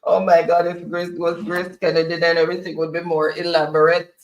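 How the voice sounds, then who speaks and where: A man's voice: a little high, monotone, a little fast, highs cut off. Jamaican man chatting in a roomy space. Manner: chatty storyteller, mimics others. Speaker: co-host. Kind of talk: casual chat. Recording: roomy, distant from mic.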